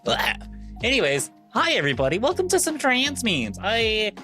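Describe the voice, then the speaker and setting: A woman's voice: fairly high pitch, huge pitch swings, moderate pace, over music. A young adult woman from Missouri, a VTuber streamer rambling playfully through casual commentary on memes. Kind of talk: casual meme-reaction commentary.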